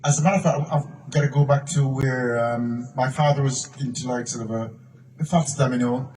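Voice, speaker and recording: A man's voice: medium pitch, fairly even intonation, normal speed, darkish tone, far from the mic, low-quality recording. An older man shares stories at a public Q&A, circling back over words and sometimes slipping into a line of song. He sounds set back from the microphone, with a faint murmur of room noise behind him. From Jamaica. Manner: repeats and restarts words, breaks into song. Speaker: guest musician at a Q&A. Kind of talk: live storytelling at a public Q&A. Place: museum event room, live audience.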